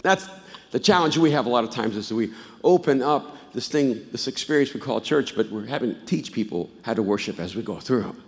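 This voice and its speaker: A man preaching a sermon as a pastor, telling stories in an animated way that swings from hushed to loud. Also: medium pitch, brisk. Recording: live church hall reverb.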